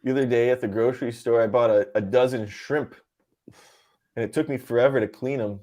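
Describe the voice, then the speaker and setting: A man telling one-liner jokes in a deadpan way as a comedy podcast co-host. His pitch sits in the middle range. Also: brisk.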